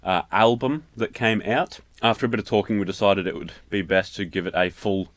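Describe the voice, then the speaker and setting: A young Australian man co-hosting a podcast album review in a relaxed, conversational way. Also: lowish voice, a little fast. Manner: relaxed and conversational, with fillers like "um" and "sort of". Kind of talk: casual podcast chat.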